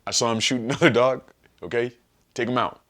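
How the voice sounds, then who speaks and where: A man's voice: medium pitch, steady tone, brisk, fairly bright tone, voice pushed up, close to an everyday voice. A man mimicking a persuasive ex-president. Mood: urgent. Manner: urgent, persuasive, profane pep talk. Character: mock Barack Obama, a smooth, persuasive male ex-president.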